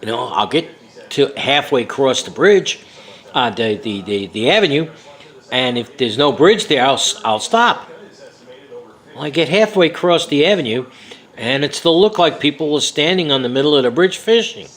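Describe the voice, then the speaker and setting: Older man, from New York, memoir storytelling, rambling, lots of fillers, medium pitch. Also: expressive, normal speed, fairly bright tone, poor audio. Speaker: memoir author. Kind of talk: reading and recounting his memoir.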